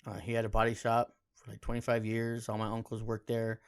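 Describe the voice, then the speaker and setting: A man's voice: medium pitch, completely flat delivery, a little fast, smooth. A man hosting a podcast on his own, telling personal stories in a laid-back, heartfelt way, peppered with casual slang. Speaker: podcast host. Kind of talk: casual solo podcast storytelling.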